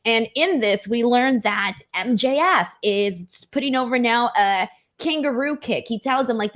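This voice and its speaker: A woman's voice: a little high, moderate pace, few pauses. A woman co-hosting a casual chat show, upbeat as she runs through recaps. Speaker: podcast co-host.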